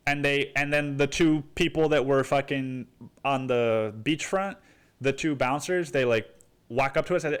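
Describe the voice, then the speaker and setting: A young man hosting his own podcast, rambling and swearing casually, saying "dude" constantly and jumping into mock voices. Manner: animated, jumps into high mock voices. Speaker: podcast host. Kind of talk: casual solo podcast monologue.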